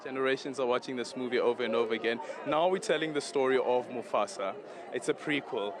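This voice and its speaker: A man reporting live from a red carpet event, excited and chatty, a little out of breath. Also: mid-range voice, fast talker. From South Africa. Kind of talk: live news interview. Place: outdoor red carpet event at a shopping centre. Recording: lively crowd around.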